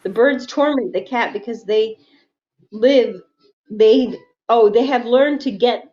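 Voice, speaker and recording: A high-pitched woman chats on a relaxed livestream, reading out viewer comments and laughing along the way. The sound is dull and lo-fi, like streamed audio. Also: takes it slowly. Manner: reads viewer comments aloud, laughs often. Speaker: livestream quilting host. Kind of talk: casual livestream chat.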